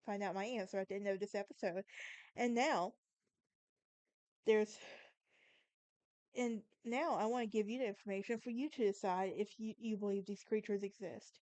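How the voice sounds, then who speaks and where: A woman's voice: mid-range voice, steady tone, normal speed, pauses often, a little mellow, no room sound. A young woman from Alabama with a Southern accent, hosting a casual solo podcast and chatting through a story, often stumbling and correcting herself. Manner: chatty, self-correcting, stumbles over words. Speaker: podcast host.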